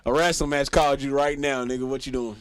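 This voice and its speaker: A man's voice: mid-range voice, fast, smooth, no room sound. A man co-hosting a casual talk show, teasing a friend and telling stories with lots of laughter. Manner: teasing, animated storytelling with frequent laughter. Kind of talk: casual banter among friends.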